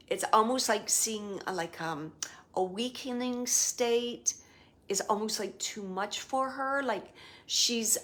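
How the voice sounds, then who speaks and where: A woman medium gives a spirit reading at an unhurried pace, her voice sitting at an ordinary middle pitch. She talks softly and haltingly, often slipping into a whisper while she searches for the right words. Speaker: psychic medium.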